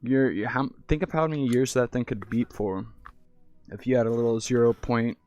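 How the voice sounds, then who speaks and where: A man's voice: mid-range voice, fairly even intonation, normal speed, darkish tone, muffled recording, soft background music. A young man in casual chat in a VR hangout, rambling and swearing freely, stumbling over restarts as he talks into a headset mic. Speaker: VR streamer. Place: virtual reality hangout.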